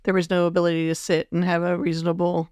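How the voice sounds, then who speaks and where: A woman hosting a casual conversation, chatty and quick to finish her guest's sentences. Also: fairly low pitch, completely flat delivery, a little mellow, no echo, studio quality. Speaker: podcast host.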